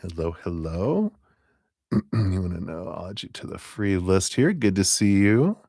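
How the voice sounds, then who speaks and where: A man's voice: low-pitched, lively intonation, moderate pace, gravelly, darkish tone, no echo, clean studio sound. A middle-aged man giving a chatty live-stream tarot reading, laughing often as he talks. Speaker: tarot reader.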